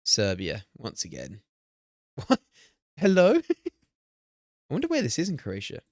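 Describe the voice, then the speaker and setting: Brief: young male streamer, excitable and sweary, animated delivery, dead-dry mic. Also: on the low side, measured pace, no echo. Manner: excitable, swears and laughs often, talks to chat. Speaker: streamer hosting a watch party. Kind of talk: casual live-stream chat while playing a guessing game.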